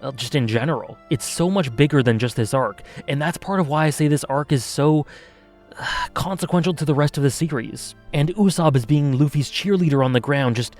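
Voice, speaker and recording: A man's voice: on the high side, brisk, a little mellow, soft background music. A man giving an earnest, passionate video review commentary as a reviewer. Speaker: anime reviewer.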